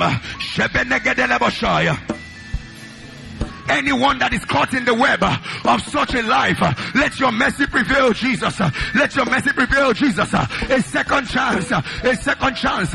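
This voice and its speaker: High, gravelly, fervent praying pastor. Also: male voice, animated, normal speed, over music. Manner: fervent declarations, each phrase started with "uh"; repeats lines in a rhythmic chant. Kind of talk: sermon and loud congregational prayer.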